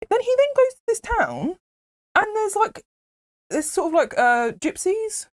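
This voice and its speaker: Casting: woman, chatty film retelling, very expressive swooping pitch, laughs a lot. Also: unhurried. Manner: animated, laughing, acts out quotes. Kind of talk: casual movie retelling.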